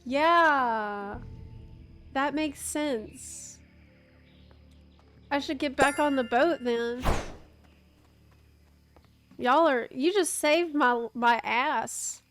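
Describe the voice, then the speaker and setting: A woman's voice: high-pitched, very slow, pauses often, a bit bright, soft background music. A woman in her thirties streaming a game, chatting casually with her chat. She laughs often and swears casually. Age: 30s. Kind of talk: casual live-stream chat while gaming.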